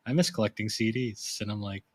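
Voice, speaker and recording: A man co-hosting a podcast in casual chat, laid-back with dry, deadpan teasing. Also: on the low side, brisk, no echo. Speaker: podcast co-host. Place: podcast studio.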